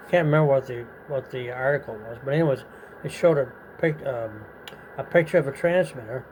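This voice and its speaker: A man's voice: mid-range voice, darkish tone, slight background noise, poor audio. Rambling older man telling an old story. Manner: rambling, profane, acts out quoted voices. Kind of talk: casual storytelling.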